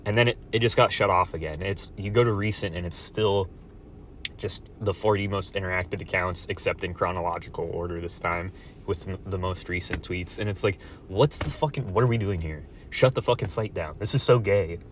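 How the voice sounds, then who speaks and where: Man ranting, loud bursts and mutters. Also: a little fast, a little hiss or hum. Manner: swings between loud outbursts and low muttered asides. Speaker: vlogger. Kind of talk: profane solo rant to camera.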